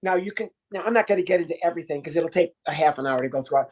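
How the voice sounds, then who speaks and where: An American man in his sixties, a ventriloquist guest on a podcast interview, teaching in an animated, demonstrative way. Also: on the high side, rapid-fire. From United States. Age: 60s. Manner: animated, demonstrative teaching, acts out little voices.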